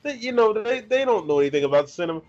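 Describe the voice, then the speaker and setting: A man's voice: high voice, lively intonation, quick pace, a little mellow, muffled recording. A man in his thirties hosting an interview, eager and outspoken, gushing as a fan. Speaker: interviewer and channel host.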